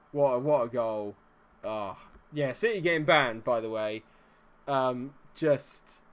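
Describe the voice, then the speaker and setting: A man commentating live on his football management game, chatty and reacting loudly to the plays. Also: fairly high pitch.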